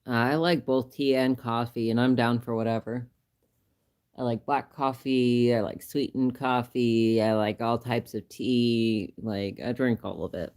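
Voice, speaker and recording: A man chatting on his own livestream in a medium-pitched voice, relaxed and rambling. He laughs often and gets lively and animated when he retells a funny moment. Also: unhurried, clean tone. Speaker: livestream host. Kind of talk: casual livestream chat.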